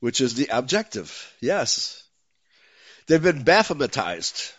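A man hosting a talk show, speaking in an excitable, emphatic way and often breaking into laughter. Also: mid-range voice, slow, dry recording. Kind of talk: casual talk show conversation. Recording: dull lo-fi dry sound.

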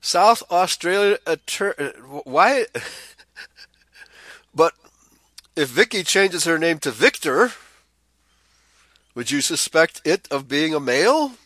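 A man's voice: a little high, very animated, slow pace, pauses often, bright, forceful tone, no room sound. A man hosting a commentary show, reading news items aloud and adding sarcastic, scornful asides, often chuckling and stumbling over repeated words.

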